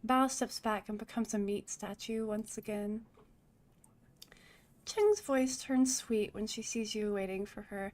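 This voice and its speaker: A woman's voice: a little high, slow pace, pauses often, darkish tone. A woman streaming a role-playing game, reading narration aloud with casual asides. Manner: casual, chatty asides between read narration.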